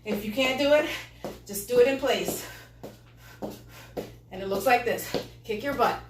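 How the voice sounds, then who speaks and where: A woman's voice: a little high, measured pace, far from the mic, background noise. A woman leading a live home workout, cheering viewers on and greeting them as she exercises, out of breath. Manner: upbeat coaching, greeting viewers. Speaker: fitness instructor. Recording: echoey room, voice from afar.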